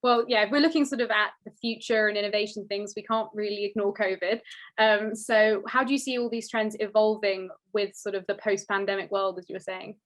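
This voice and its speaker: A woman's voice: medium pitch, steady tone, brisk. A woman hosting an interview, asking casual questions with lots of hedging filler words. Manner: casual questions with repeated "sort of". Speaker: interviewer host. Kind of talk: hosted interview.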